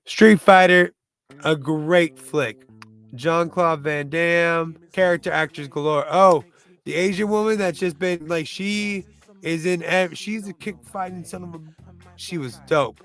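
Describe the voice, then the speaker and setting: A man's voice: on the high side, measured pace, fairly bright tone, faint music behind. A man who reviews movies chats casually through a countdown, rambling loosely, restarting and groping for names.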